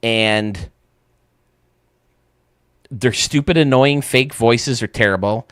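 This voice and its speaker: A man's voice: on the low side, steady tone, takes it slowly, long pauses, fairly bright tone, no echo, clean studio sound. A man hosting a live stream, chatting casually and ranting bluntly, often restarting his sentences.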